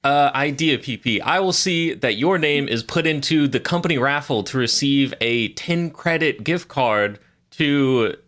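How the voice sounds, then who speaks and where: A man's voice: medium pitch, lively intonation, a little slow, fairly bright tone. A man voicing a pompous, self-important male corporate executive who blusters in corporate jargon. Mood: condescending.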